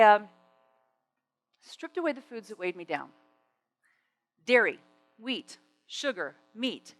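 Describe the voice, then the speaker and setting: Woman giving a lively motivational stage talk. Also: a little high, no echo, poor audio. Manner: animated storytelling, acts out dialogue. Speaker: speaker. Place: stage before an audience.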